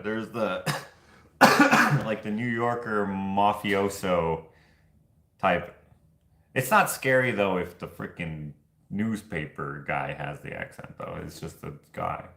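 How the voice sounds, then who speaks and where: A man's voice: lowish voice, takes it slowly, vocal fry, bright, forceful tone. A man hosting a casual chat, telling rambling stories and laughing at his own jokes. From Canada. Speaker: show host. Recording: echoey room.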